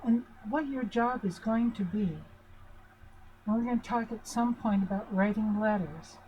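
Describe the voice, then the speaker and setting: At a whiteboard, an older woman who teaches about family relationships gives a chatty, informal lesson, putting reassuring questions to her listeners. Her pitch is fairly high and her tone dark, at a measured pace. The audio is poor with a little hiss or hum.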